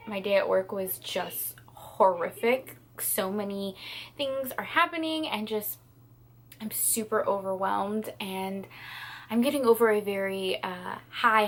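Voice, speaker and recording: A young woman in a reading vlog recorded indoors at home talks about a book while tearful and crying. Her mid-range voice comes with a little hiss or hum, and she rambles, repeats herself and swears.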